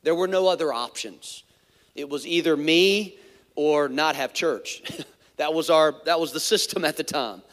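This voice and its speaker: Male pastor, slightly high voice, candid storytelling sermon, chatty asides, long reverb of a church hall. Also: a little slow, fairly bright tone. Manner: candid, conversational, many asides.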